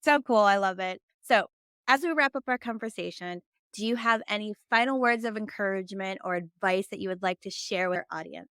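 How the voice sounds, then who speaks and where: A woman hosting a podcast in an upbeat, affirming way. Her voice is smooth and clear, and the recording is dry and close, with no room sound. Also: mid-range voice, fairly bright tone, dry recording. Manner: upbeat and affirming, quick to agree. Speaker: podcast host. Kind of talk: faith-based business interview.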